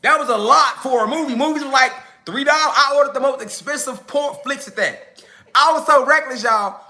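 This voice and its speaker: A man's voice: very high-pitched, brisk, reverberant. A young man from Chicago telling a comic family story in loose slang, acting out his relatives' voices. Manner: animated, slangy, acts out family members. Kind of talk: comedic storytelling.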